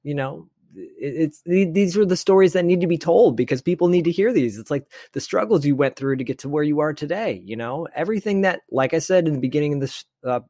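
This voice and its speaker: A man's voice: on the high side, lively intonation, fast talker, hardly any pauses, dark tone, no echo, clean studio sound. A man co-hosting a podcast, talking earnestly with many restarts and repeated words. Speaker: podcast co-host. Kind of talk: casual interview chat.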